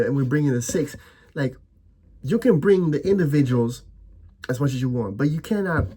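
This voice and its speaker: A man's voice: medium pitch, a little mellow, breathy edge. A young man ranting as a football fan, heated and profane, stammering over his restarts.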